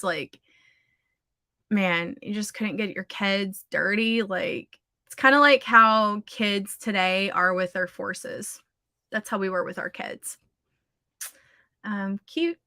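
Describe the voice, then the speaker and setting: A woman's voice: a little high, sharp tone, dry recording, studio quality. A woman, hosting a livestream of writing sprints in a chatty way and reading out viewer comments. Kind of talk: casual livestream chat.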